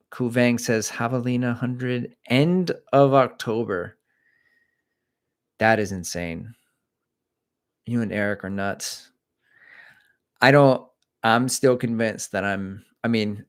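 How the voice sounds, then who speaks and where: This lowish-voiced, middle-aged man chats loosely with his livestream audience, going through their comments and meandering with plenty of self-deprecation.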